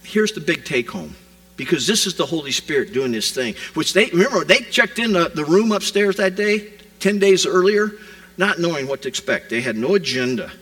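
A man preaching a sermon, retelling scripture as a vivid modern scene, rising loud and dropping to a hush. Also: a little high, moderate pace, poor audio. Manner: animated storytelling preacher, swings from loud to hushed. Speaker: pastor.

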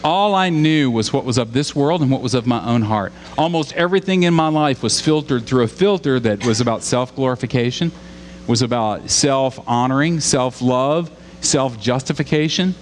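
A man's voice: mid-range voice, normal speed. Man preaching in a reverberant hall. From Louisiana. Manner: earnest, rising to emphatic repetition, asks the congregation questions. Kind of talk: sermon. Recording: long hall reverb with faint hum.

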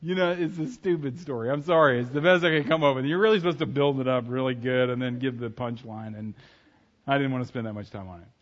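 A man preaching a sermon in church, talking casually and joking with the congregation, now and then breaking into loud acted shouts. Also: medium pitch, fast, dull audio. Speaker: pastor. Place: church sanctuary.

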